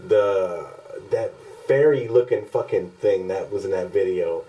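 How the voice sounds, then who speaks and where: Mellow-voiced man rambling on a podcast. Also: deep voice, unhurried, poor audio. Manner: profane, rambling, laughs often. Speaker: podcast co-host. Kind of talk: casual podcast chat.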